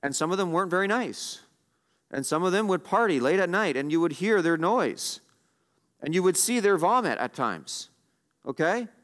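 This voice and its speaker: Pastor, male, high-pitched, earnest sermon delivery, questions the congregation, slows to stress scripture. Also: lively intonation, a bit bright. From Canada.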